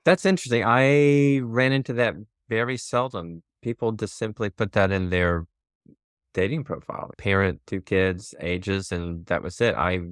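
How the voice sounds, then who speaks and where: A man in his fifties talks as a podcast guest, candid and chatty, quick to laugh. His voice sits low. The sound is dry and close, with no room around it. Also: no room sound. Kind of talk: casual podcast conversation.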